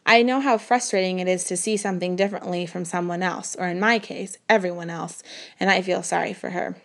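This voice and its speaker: A woman narrating a first-person novel in a measured, earnest storytelling manner. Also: lowish voice, steady tone. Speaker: audiobook narrator.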